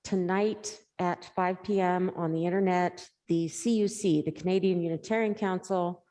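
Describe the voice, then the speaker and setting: A woman greets the congregation affectionately and reads a service announcement. Her voice is low and mellow. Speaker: service leader giving announcements. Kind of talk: church announcement.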